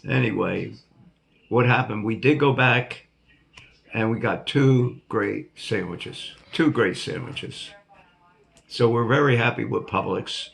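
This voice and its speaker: A man's voice: lowish voice, takes it slowly, creaky, a bit bright. An older man hosting his own vlog, telling a rambling, jokey story to his viewers and laughing at himself. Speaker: vlog host.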